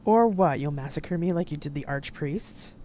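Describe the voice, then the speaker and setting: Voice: medium pitch, lively intonation, brisk, darkish tone, slight background noise, close to an everyday voice. A narrator voicing a hostile young male extremist agent who speaks in sneering threats, in an audiobook reading. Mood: threatening.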